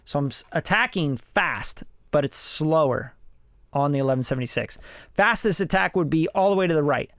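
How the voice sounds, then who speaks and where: A man's voice: on the high side, expressive, fairly quick, a bit bright, no room sound. A man hosting a casual hands-on studio lesson, talking loosely and conversationally as he runs mic checks on his vocal chain. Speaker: studio engineer and host. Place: home recording studio. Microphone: studio vocal mic through preamp and compressor.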